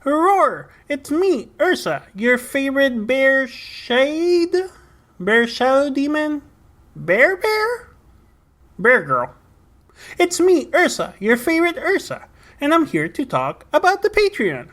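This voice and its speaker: A woman's voice: high-pitched, sing-song, slow, a bit bright, voice pushed up, heavily acted. A woman voicing a playful female bear shadow demon who talks in a silly, odd put-on accent. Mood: goofy.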